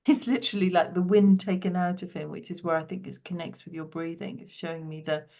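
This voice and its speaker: A woman with a fairly low voice talks a client through what she senses, soft and earnest. She often sinks to a hushed tone. The sound is dull and lo-fi. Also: fairly even intonation, brisk. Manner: soft, earnest, drops to a hush when relaying visions. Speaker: podcast host and property healer. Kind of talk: intuitive reading in conversation.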